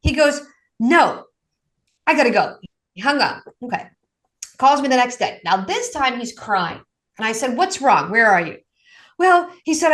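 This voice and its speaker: A woman's voice: moderate pace, pauses often. A woman, a guest addiction coach, telling stories in a casual interview and acting out the people she quotes. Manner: lively, acts out quotes with raised pitch. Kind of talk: animated storytelling in casual interview.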